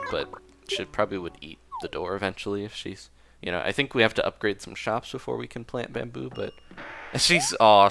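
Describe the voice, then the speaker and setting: Laid-back male gameplay commentator, low voice, rambling and chuckly, with game music under him. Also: creaky. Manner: easygoing, rambling, chuckles often; reads game dialogue aloud in playful voices.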